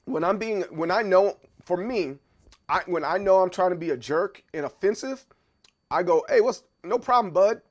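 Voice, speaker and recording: A man's voice: high voice, moderate pace. A man in his thirties hosting a livestream, chatting casually through viewer comments and often stopping to repeat words as he thinks aloud.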